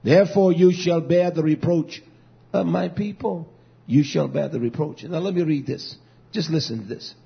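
A man preaching a fiery sermon, swinging between loud declarations and low, muttered asides. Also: moderate pace, gravelly, husky. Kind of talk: fiery street-style sermon. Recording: dull lo-fi recording.

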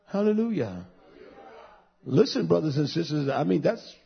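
A man in his fifties preaching a sermon, swinging between loud fervent passages and soft, intimate asides. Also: fairly high pitch, very animated, normal speed, gravelly, breathy edge, muffled recording.

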